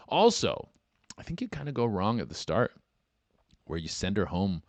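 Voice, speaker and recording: Animated man riffing crudely on a podcast. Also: fairly low pitch, moderate pace, no echo. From Canada. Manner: crude animated riffing, acts out both sides of scenes. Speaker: podcast host. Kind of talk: comedic podcast reading write-ins.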